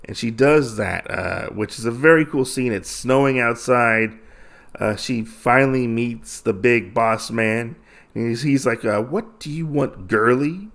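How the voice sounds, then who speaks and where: Retelling a comic's plot on his podcast, this host rambles casually and enthusiastically with plenty of fillers. His voice is medium-pitched, creaky and fairly bright, and he takes his time.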